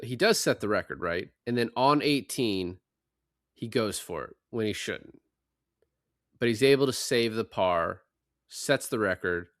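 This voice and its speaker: Man, podcast host, low voice, dry close sound, excitable, profane, casual movie chat. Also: no echo. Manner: excitable, profane, recounting scenes.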